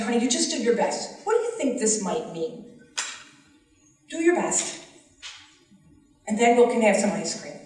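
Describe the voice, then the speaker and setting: A woman who teaches special education, giving earnest, impassioned public testimony at a legislative forum. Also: medium pitch. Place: large hearing room. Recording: echoey hall from far off.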